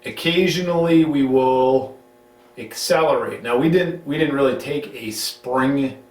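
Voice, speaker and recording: A middle-aged man hosts a casual home-recorded chat, rambling and teasing his co-host, often restarting his sentences. His voice sits at a middle pitch. The room rings around him and he sits a little back from the mic. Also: a little slow. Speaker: show host. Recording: roomy sound, mic at a distance.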